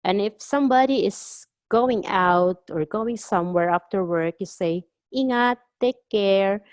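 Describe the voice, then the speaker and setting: A woman with a Filipino accent gives a language lesson in a fairly low voice, set against a dry, close sound. She takes her time and repeats each phrase so listeners can practice along. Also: a little slow, no room sound. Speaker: Japanese language teacher.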